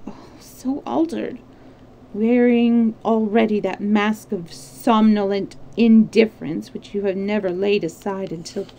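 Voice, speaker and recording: A woman's voice: on the high side, darkish tone, low-quality recording. A woman reading aloud and voicing a distraught young noblewoman, pleading emotionally and tearfully.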